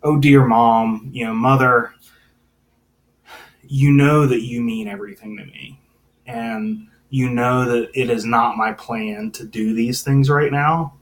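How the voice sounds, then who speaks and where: A man voicing a devoted grown son who gently reassures his mother. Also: medium pitch, steady tone, slow, close to an everyday voice. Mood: tender.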